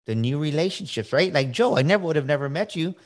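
Talking fast in a slightly high voice with lively intonation, a middle-aged coach guests on a podcast. He hands out casual motivational advice emphatically, frequently repeating words and checking in with "right?"

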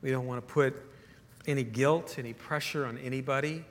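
A man's voice: medium pitch, fairly even intonation, fairly quick. A man preaching a sermon as pastor, earnest, often repeating words as he builds a point. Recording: echoey hall reverb.

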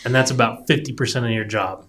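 A man's voice: medium pitch, quick pace, slight background noise. Easygoing man chatting with many fillers. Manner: relaxed, rambling, lots of fillers. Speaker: podcast co-host, designer. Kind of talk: casual chat.

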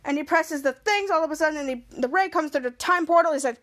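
A woman's voice: high-pitched, fast talker, hardly any pauses, fairly bright tone. A woman podcast host casually recapping an episode scene by scene, with lots of "cut to" and "he's like.". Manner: rambling scene-by-scene retelling full of "cut to" and "he's like".

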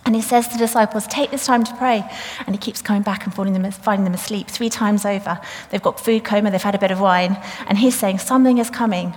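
Brief: woman preacher, mid-pitched, casual storytelling sermon, long church reverb. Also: fairly even intonation, fast, hardly any pauses. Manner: conversational, retells the story plainly with fillers. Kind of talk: sermon with scripture reading.

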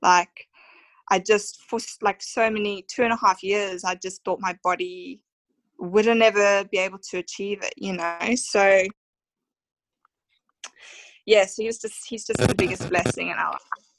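A woman's voice: mid-range voice, steady tone, measured pace, long pauses, no room sound, low-quality recording. A woman in her thirties with an Australian accent, telling her personal story as a podcast guest in a heartfelt, emotional way with many fillers. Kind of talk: conversational storytelling interview.

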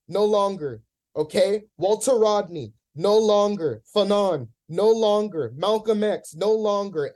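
A man's voice: high voice, darkish tone. A man in a podcast discussion, talking in an impassioned, profane rant, visibly emotional.

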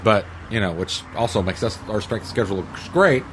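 A man as a podcast guest, talking casually as a fan, halting and restarting often. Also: fairly low pitch, a bit bright, a little hiss or hum. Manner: hesitant, many fillers and restarts, fan talk. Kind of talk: casual sports chat.

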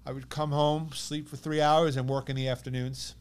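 A man in his thirties with a New York accent, telling a personal story as a podcast guest in an animated way, acting out what others said. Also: on the high side, moderate pace, smooth. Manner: animated, quotes others in lively bursts.

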